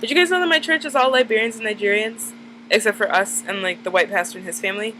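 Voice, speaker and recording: A woman's voice: mid-range voice, fast talker, bright, forceful tone, slight background noise, rough recording. A woman in her twenties, chatting casually to camera, rambling and full of "like" fillers. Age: 20s. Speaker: vlogger. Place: dim room at night.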